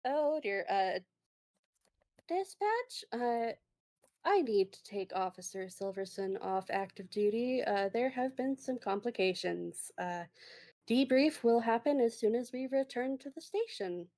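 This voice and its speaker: A composed female schnauzer police officer reports in a dryly formal, procedural manner, as a woman puts her on. She speaks slowly and evenly in this tabletop game. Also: on the high side, lively intonation, dark tone, no room sound.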